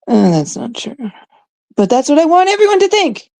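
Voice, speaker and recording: Casting note: young woman from Canada, unhurried rambling chat with a gravelly edge and dark, mellow tone. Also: sits high, very animated, no room sound. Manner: chatty, rambling, drops into hushed asides. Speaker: streamer chatting with viewers. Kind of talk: casual chat.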